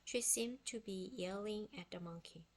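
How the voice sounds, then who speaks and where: A woman reading a children's book aloud in expressive, unhurried storytelling; her first language is Korean. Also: mid-range voice. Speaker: book reader.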